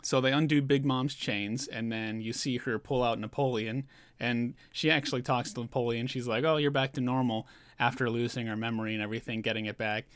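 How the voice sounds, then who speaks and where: A man talks through a manga chapter in a relaxed, rambling way, full of fillers and little chuckles. His voice sits at an ordinary middle pitch. The sound is dry and close, with no room echo. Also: brisk, clean tone. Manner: chatty and loose, with many fillers and chuckles. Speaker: manga reviewer. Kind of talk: casual chapter recap.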